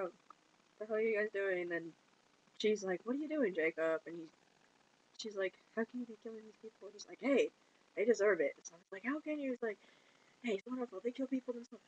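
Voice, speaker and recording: A woman retelling a film plot in casual chat, giggling and slipping into quick put-on voices for the characters. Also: medium pitch, slightly rough, rough recording. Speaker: movie reviewer.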